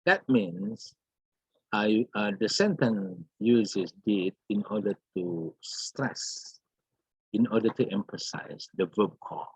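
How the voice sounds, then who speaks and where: A man teaching an English grammar lesson, slowly repeating words and examples with many fillers. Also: lowish voice, lively intonation, darkish tone, breathy edge, no echo. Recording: dull, lo-fi.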